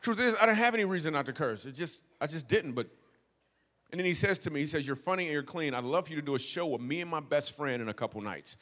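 A young man from Michigan performs a stand-up comedy story with playful, animated energy, dropping to quiet asides and then rising into loud outbursts. His voice sits a little higher than most men's. A long reverb trails his words, as if he is heard across a big hall. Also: fast.

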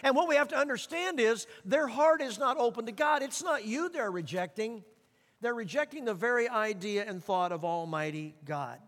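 High-voiced pastor in a reverberant hall. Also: male voice, lively intonation, fairly bright tone. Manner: earnest, slows for scripture and repeats for emphasis. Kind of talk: sermon. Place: church sanctuary. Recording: long reverb of a church hall.

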